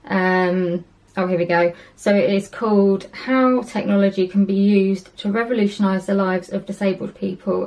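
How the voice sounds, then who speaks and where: A woman's voice: medium pitch, creaky, darkish tone. A young woman chatting casually to camera in her vlog, rambling along with plenty of ums and little laughs. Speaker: vlogger.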